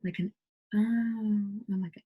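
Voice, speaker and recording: A woman's voice: mid-range voice, steady tone, slow, breathy edge, narrow, tinny audio. An American woman casually explaining pronunciation in a tutorial, with lots of "like" fillers. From United States. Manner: chatty, heavy use of "like" fillers. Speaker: accent tutorial vlogger.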